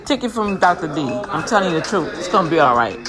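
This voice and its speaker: A woman hosting her own station, giving casual motivational talk and shout-outs, lively and slangy, speaking blessings over listeners. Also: low-pitched, fast talker. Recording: music playing behind.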